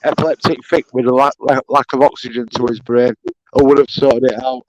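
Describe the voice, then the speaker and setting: A man's voice: mid-range voice, little pitch movement, a little fast, darkish tone, dry recording, low-quality recording. A young man, ranting angrily and swearing on a live-stream panel. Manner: angry, swearing, repetitive.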